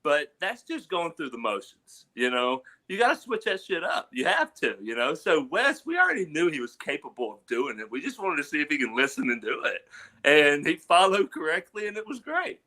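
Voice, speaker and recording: A middle-aged man with a drawl spins loose stories as a podcast guest. His voice sits a little high and sounds bright and forward. He fills his talk with "you know" and "man". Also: very animated, moderate pace. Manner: laid-back Southern drawl, lots of "you know" and "man". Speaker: guest wrestler. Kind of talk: casual podcast storytelling.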